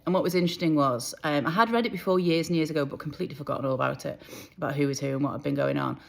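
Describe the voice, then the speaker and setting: A woman's voice: low voice, gravelly. A woman author talking casually to camera about books and TV casting, in a chatty, rambling way. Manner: chatty, rambling, self-deprecating. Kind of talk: casual vlog chat.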